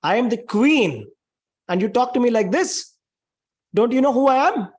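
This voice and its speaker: A man voicing a proud queen who answers an insult with defiant indignation, in a husky voice. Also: very high-pitched, lively intonation, normal speed, voice pushed up. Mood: indignant.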